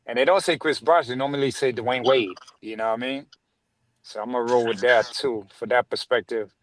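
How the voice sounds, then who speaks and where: A man's voice: medium pitch, fairly even intonation, fairly quick, a crowd in the background, poor audio. A man in a casual sports podcast conversation who talks in a laid-back, slangy way and laughs often.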